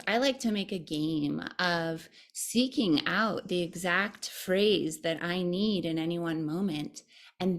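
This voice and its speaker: Gravelly-voiced woman meditation teacher. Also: fairly low pitch. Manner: thoughtful, warm, earnest. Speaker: meditation teacher, interview guest. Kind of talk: conversational interview.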